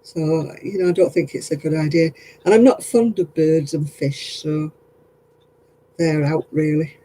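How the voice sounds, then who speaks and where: A man's voice: on the high side, fairly even intonation, measured pace, warm tone, rough recording. A tired man, chatting casually with livestream viewers as he crafts, rambling and often laughing. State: tired, yawning.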